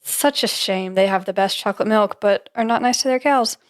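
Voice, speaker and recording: A woman co-hosts a podcast at a medium pitch. She tells a story in a casual, giggly way, with plenty of "like" and "um" filling her sentences. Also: brisk. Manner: chatty and giggly, with frequent "like" and "um". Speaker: podcast co-host.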